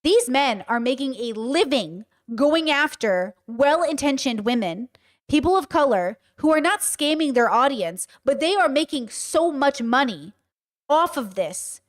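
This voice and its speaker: A woman livestreaming, telling stories and giving commentary in an emphatic, animated and blunt way, with frequent swearing. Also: high voice, unhurried. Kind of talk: casual livestream storytelling and commentary.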